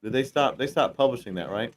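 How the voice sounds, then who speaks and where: A man's voice: mid-range voice, fast. A man hosting a casual podcast, teasing his guest and reading out chat comments. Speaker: podcast host.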